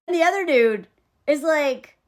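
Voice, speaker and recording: Sarcastic high-voiced woman. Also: very animated, normal speed, fairly bright tone. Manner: sarcastic, exasperated. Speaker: video creator. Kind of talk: comedic movie recap.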